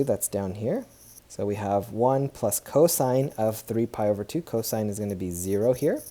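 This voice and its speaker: Math teacher, man, very dark mellow tone, talky, self-correcting, upbeat. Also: medium pitch. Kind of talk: recorded tablet math lesson.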